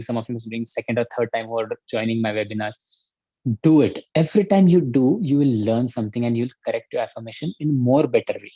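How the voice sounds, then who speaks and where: Indian male coach, husky voice, dry dull audio, energetic and pushy. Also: medium pitch, dry recording. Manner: energetic, urging, repeats commands. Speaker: life coach. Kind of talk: online workshop teaching.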